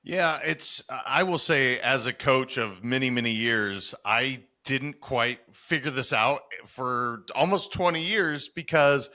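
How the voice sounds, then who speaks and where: A man's voice: medium pitch, slow pace, few pauses, sharp tone. A man hosting a podcast, a longtime coach who speaks earnestly and builds his points with rhetorical questions. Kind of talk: conversational interview.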